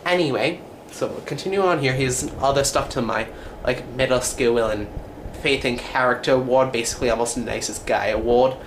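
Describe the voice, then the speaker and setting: A man's voice: medium pitch, noisy background. A teenage boy from the United States, talking in a put-on British accent as he hosts a casual, rambling room-tour vlog with jokes and self-corrections. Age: teens. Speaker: channel host. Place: his bedroom, indoors.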